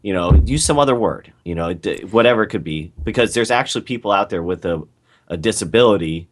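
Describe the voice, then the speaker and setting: A man's voice: fairly low pitch, expressive, fast, background noise. A man co-hosting a casual podcast over an online call, talking in a laid-back, hesitant way with lots of fillers. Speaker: podcast co-host. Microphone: call microphone.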